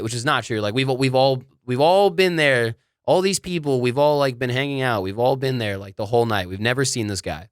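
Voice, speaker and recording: A man's voice: mid-range voice, fairly quick, no echo, clean studio sound. A young man casually telling a rambling story to his co-hosts, full of fillers and swearing, often laughing. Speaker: podcast co-host.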